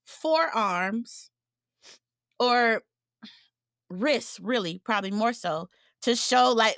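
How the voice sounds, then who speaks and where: Animated woman telling a funny story. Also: fairly high pitch, takes it slowly, pauses often, no echo, clean studio sound. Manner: animated, laughing, acts out quotes. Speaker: podcast co-host. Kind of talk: casual storytelling chat.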